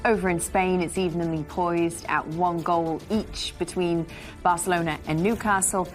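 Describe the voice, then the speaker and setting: A woman hosting a studio football show, reading schedules and handing to guests in a brisk, upbeat way. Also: lowish voice, steady tone, soft background music. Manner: brisk, upbeat presenter delivery. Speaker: host. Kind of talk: studio sports show presenting.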